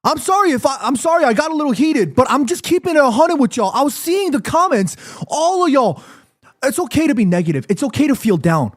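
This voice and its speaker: A man's voice: extremely high pitch, big pitch swings, brisk. A man ranting heatedly to his chat on a live football watchalong, swearing and defending his team. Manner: heated, ranting, profane, addresses chat directly. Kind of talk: live fan reaction stream.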